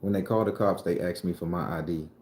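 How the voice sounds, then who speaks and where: A man telling a personal story in a casual, profane way, moving between calm telling and loud outbursts. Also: sits low, fairly quick, roomy sound, slight background noise. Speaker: vlogger and tarot reader.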